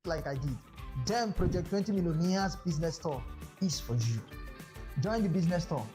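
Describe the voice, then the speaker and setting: A man from Nigeria delivering a formal, scripted promotional pitch for a business scheme. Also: expressive, moderate pace, warm tone, soft background music. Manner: formal, salesy.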